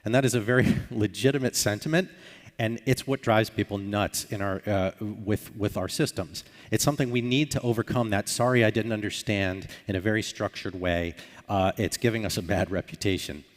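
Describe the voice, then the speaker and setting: A man with a low voice gives a conference talk in a large hall, and his words ring out with a long reverb. He explains his points and acts out short sample dialogues along the way. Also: a little fast. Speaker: conference speaker.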